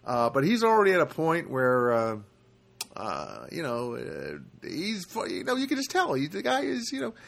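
A man's voice: fairly high pitch, wildly swooping pitch, moderate pace, vocal fry. A man hosting a solo podcast, talking casually and rambling, with lots of fillers and restarts. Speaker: podcast host.

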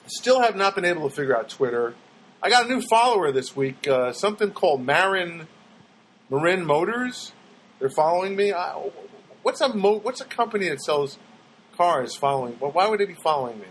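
A man's voice: sits high, big pitch swings, normal speed, slightly rough. A man telling meandering comic stories in a wry, self-mocking monologue, acting out the people he quotes.

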